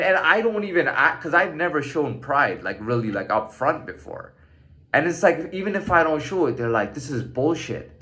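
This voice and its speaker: A man in his thirties rants with a swooping, animated pitch that sits a bit high. He swears constantly and stumbles over repeated restarts. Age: 30s. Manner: profane, animated, stammering restarts. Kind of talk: casual rant monologue.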